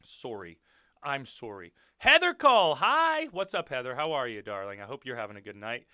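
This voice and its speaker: Man, wrestler host, casual stream talk; animated, crisp voice, jokey and profane. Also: mid-range voice, normal speed, no echo, studio quality. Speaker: wrestler hosting a livestream. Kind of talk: casual livestream chat reading comments.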